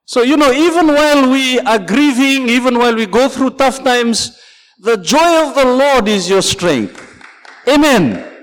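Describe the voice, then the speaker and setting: Male pastor, sermon delivery, very lively swinging pitch, long hall reverb. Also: unhurried. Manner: preaching with calls of "Amen" and "Praise the Lord", storytelling.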